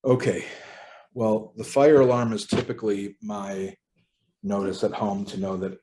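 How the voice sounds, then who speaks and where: A man leading a casual book study group from home over a video call, relaxed and conversational with frequent ums. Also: lowish voice, a little slow, noisy background.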